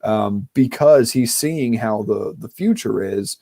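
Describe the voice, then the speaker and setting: A man's voice: fairly low pitch, slow, mellow, dry recording, studio quality. A man co-hosting a podcast, chatting casually about a film and thinking aloud as he rambles. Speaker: podcast co-host. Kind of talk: casual film-discussion chat.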